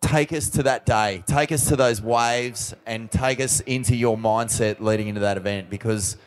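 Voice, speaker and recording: A man's voice: mid-range voice, moderate pace, clear, resonant tone. A man hosting a live interview, asking his guest casual, leading questions. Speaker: host. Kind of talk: interviewing before a live audience.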